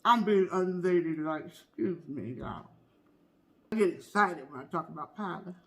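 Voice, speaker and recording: Brief: performer as a high, bright, sassy auntie who swoops all over while dishing gossip between bites. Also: heavily acted. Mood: gossipy. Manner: animated, talks between bites of food; exclamatory, drawn-out "baby", "child", "honey". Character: loud gossipy middle-aged auntie, woman. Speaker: comedy mukbang character. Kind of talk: comedic storytelling skit.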